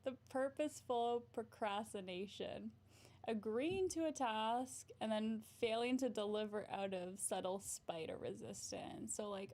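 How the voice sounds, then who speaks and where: A woman therapist runs a casual livestream, chatting bubbly and giggling often as she responds to viewers' comments. Her voice is a little high and mellow, and she talks a bit slowly.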